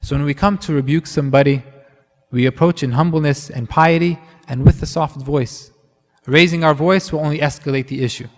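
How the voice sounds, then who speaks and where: A man's voice: on the high side, a little fast, long reverb tail. A man preaching a sermon in a conversational way, with many fillers and restarts.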